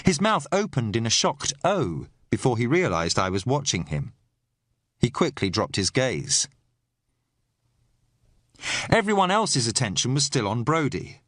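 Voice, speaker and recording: Male audiobook narrator, mid pitch, animated delivery, dry studio read. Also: measured pace, pauses often, no room sound. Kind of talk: scripted first-person audiobook narration.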